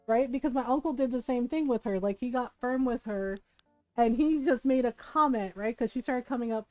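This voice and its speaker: A woman streamer chatting casually while she plays a game, laughing often and retelling a story with lively quoted voices. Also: high voice, no room sound. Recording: dry close mic with faint game music.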